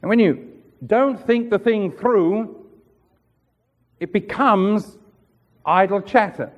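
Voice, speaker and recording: A man with a high-pitched voice preaches a sermon slowly, earnest and rhetorical, acting out the voices of those he quotes. The recording carries hall reverb.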